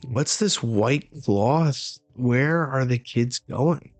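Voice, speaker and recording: A man's voice: mid-range voice, very slow, darkish tone, no echo. A frantic giant calls out in alarm, as a man reads him aloud. The calls come out breathless and a bit raised, set against a very dry sound with faint music underneath. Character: frantic giant man chasing sleepwalking kids.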